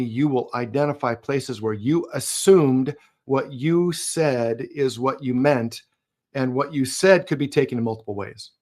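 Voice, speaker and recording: A man co-hosting a relaxed podcast, his voice sitting at an ordinary middle pitch. He wanders through his points in long, loose sentences, stopping to restart and punching the words he wants to land. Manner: rambling, restarts sentences, emphatic on key words. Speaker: podcast co-host. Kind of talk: casual conversational podcast chat.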